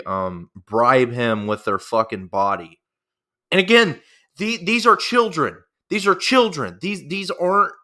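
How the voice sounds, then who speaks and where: A man with a slightly high, pushed, bright voice delivers an angry reaction rant as a commentator. Heated and profane, he keeps repeating himself as he works himself up.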